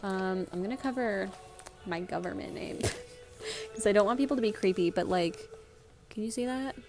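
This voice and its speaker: A woman in her twenties chatting casually in a vlog, talking fast and rambling a little, as she does when nervous. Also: medium pitch, over music. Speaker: vlogger. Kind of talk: casual chat.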